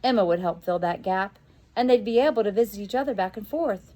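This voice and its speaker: A woman who teaches, reading a children's adventure story aloud in an expressive way and raising her voice for the children's shouted lines. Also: mid-range voice, brisk.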